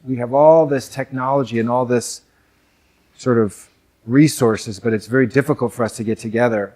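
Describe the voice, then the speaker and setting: Man, young adult, from North America, reflective live talk, loose and conversational, medium pitch. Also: steady tone, moderate pace, a little mellow. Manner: reflective, conversational, many fillers and asides. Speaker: men's work speaker.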